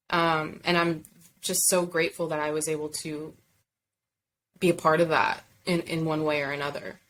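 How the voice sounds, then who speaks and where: A young woman chatting as a podcast guest, bubbly and quick to laugh. Her voice sits on the low side for a woman, and she drifts into thoughtful, sincere answers. A faint hiss runs under the recording. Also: low-quality recording. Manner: bubbly, laughs often, warm reflective answers. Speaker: voice actor guest. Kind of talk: casual podcast interview.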